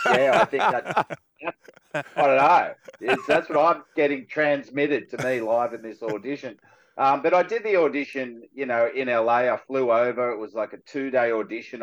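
A male actor with an Australian accent, a guest on a radio show, telling stories in relaxed chat and laughing easily. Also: medium pitch, highs cut off.

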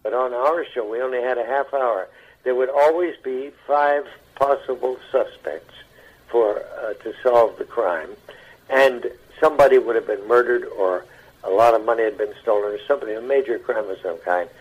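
An older male actor tells his stories as a radio guest, his voice husky and his delivery halting, with words often repeated. The broadcast sound is dull and lo-fi. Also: medium pitch. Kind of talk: anecdotal interview talk.

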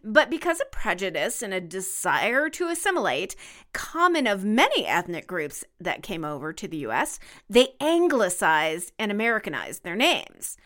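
Lively, bright-voiced woman co-host. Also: mid-range voice, normal speed. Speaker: podcast co-host. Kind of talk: casual podcast chat.

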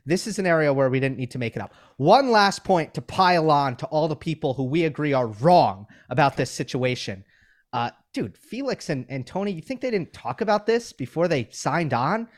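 A man with a fairly high voice co-hosts a podcast, chatting about sports analysis at a normal speed. He keeps it relaxed and conversational, with many fillers.

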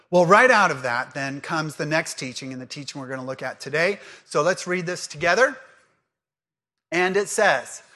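A man preaching a sermon, quizzing the congregation and then teaching earnestly, reading scripture aloud slowly. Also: a little high. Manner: lively call-and-response with the congregation. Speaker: pastor.

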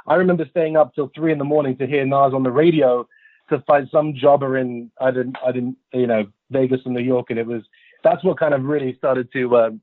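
A man's voice: mid-range voice, fairly even intonation, fairly quick. Posh West London man over a phone line. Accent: West London received pronunciation. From England. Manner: playful, self-mocking rambling. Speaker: guest. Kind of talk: casual podcast chat.

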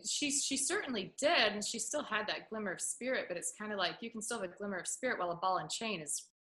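A woman casually discussing a film, animated, often acting out characters in exaggerated voices. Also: medium pitch, fast. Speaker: film reviewer. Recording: echoey room.

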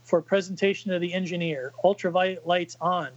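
A man's voice: high-pitched, fairly even intonation, fairly quick, lo-fi sound. A man voicing a cold alien observer, reading out its clinical report from a comic.

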